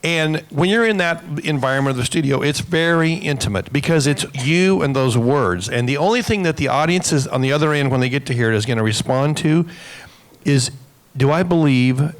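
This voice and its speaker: A man's voice: medium pitch, moderate pace. A man on a conference panel, explaining his thoughts earnestly and reflectively. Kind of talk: conversation on a panel. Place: conference stage before an audience.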